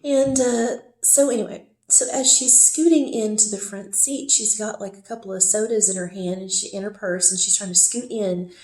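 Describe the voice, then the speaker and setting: A woman's voice: medium pitch, steady tone, moderate pace, hardly any pauses, a little mellow. Rambling woman telling a story, echoey room. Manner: rambling, many fillers and asides. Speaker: storyteller recounting a relationship. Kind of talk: casual personal storytelling.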